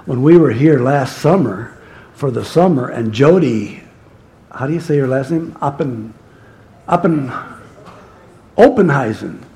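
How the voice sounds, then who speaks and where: A man's voice: mid-range voice, lively intonation, a little slow, long pauses, mellow. A male pastor preaching a sermon in a conversational storytelling manner that turns emphatic.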